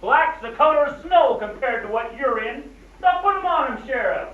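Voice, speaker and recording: A sardonic worldly traveler. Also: male voice, very high voice, lively intonation, moderate pace. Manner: sardonic, smooth, polished. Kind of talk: 1940s film acting. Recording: echoey, distant, dull old film soundtrack.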